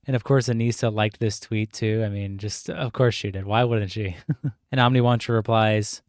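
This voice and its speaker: A man's voice: on the low side, steady tone, moderate pace, a little mellow, dry recording, clean studio sound. A man giving casual, mocking commentary, sarcastic and swearing freely. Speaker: commentary YouTuber.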